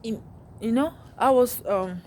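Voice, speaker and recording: A woman's voice: fairly high pitch, unhurried, a little mellow, slight background noise. A woman from Africa, venting in an exasperated monologue that circles back on itself with rhetorical questions. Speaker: vlogger.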